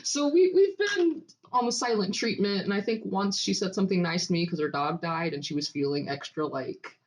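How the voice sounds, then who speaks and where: A woman's voice: mid-range voice, animated, moderate pace. A young woman co-hosting a podcast, telling a story in casual chat with frequent laughs. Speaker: podcast co-host.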